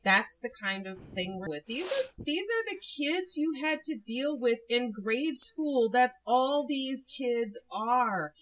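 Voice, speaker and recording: Bright-voiced woman giving a sassy pep talk. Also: a little high, animated, takes it slowly, hardly any pauses, recorded from a distance, a little hiss or hum, poor audio. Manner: emphatic, sassy, preachy. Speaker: podcast co-host. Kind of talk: casual chat, motivational rant.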